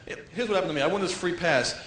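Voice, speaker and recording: A man doing a stand-up comedy set, talking in an animated way and jumping into silly character voices. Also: high-pitched, very fast. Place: comedy stage before a live audience. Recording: echoey stage with faint noise.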